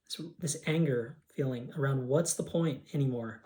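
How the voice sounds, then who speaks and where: A man's voice: medium pitch, normal speed, few pauses, dark tone. A man coaching a guided tapping session, voicing grief affirmations aloud for the listener to repeat. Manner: leads scripted affirmations, speaks emotions aloud.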